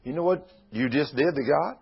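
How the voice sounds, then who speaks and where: A man's voice: fairly high pitch, normal speed, breathy edge. A man preaching a sermon in a folksy, conversational way, retelling Bible scenes. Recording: muffled lo-fi radio broadcast.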